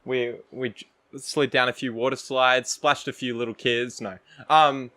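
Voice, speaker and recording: A young Australian man, a podcast co-host, telling a rambling story among friends in a casual, animated way, with frequent laughs, fillers and restarts. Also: medium pitch, measured pace.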